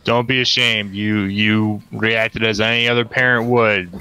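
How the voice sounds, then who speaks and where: A man's voice: fairly low pitch, little pitch movement, a little slow, bright, forceful tone, clear, resonant tone, poor audio. A man playing his character in a tabletop game, speaking in an earnest, reassuring way. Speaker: player. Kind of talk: in-character tabletop role-play.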